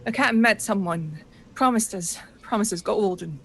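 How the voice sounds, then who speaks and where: A woman's voice: medium pitch, normal speed, slight background noise, natural voice. A woman voicing a frightened young male pirate gunner who stammers and repeats himself. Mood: fearful, rambling.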